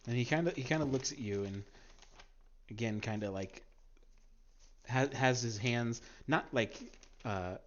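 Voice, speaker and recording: A man narrating a tabletop game as game master, halting and full of fillers and restarts. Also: medium pitch, a little hiss or hum. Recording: dull lo-fi sound.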